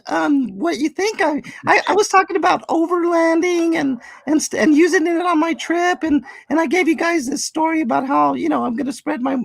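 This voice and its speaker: High creaky old guy, crude, stammering, rambling, dry close sound. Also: fairly bright tone, dry recording, heavily acted. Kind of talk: comedy character reading.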